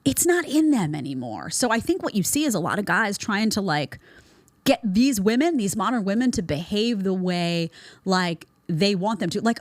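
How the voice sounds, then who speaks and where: A woman's voice: medium pitch, very animated, moderate pace, no echo. A woman host giving a blunt, sarcastic commentary monologue, mocking the people she talks about with put-on voices. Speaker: show host.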